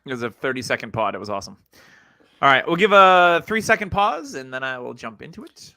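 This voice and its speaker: A man's voice: medium pitch, expressive, quick pace, sharp tone, no room sound. A man hosting a casual sports podcast, joking and upbeat as he introduces the show. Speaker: podcast host.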